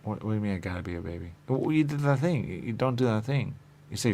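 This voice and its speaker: Man, very low voice, gravelly, rambling monologue, repeats words, asks and answers himself. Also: expressive, fast, darkish tone. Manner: repetitive, muttering, questions and answers himself. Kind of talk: rambling stream-of-consciousness monologue.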